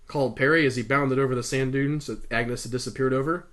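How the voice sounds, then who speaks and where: A man's voice: mid-range voice, steady tone, fast, hardly any pauses, a bit bright. A man reading a novel aloud casually, breaking off with enthusiastic, gushing comments. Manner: enthusiastic, gushing, laughing asides. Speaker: audiobook reader and video host.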